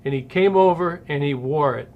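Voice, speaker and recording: A man in his sixties, a former ballplayer hosting an interview, telling lively stories from his playing days. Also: on the high side, normal speed, phone-quality sound. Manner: animated storyteller who acts out quotes. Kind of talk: storytelling interview chat.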